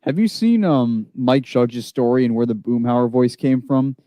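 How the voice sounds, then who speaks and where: A man's voice: mid-range voice, a little slow, dry recording, dull audio. A man chatting casually on a stream, blunt and dry, telling stories. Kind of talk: casual chat.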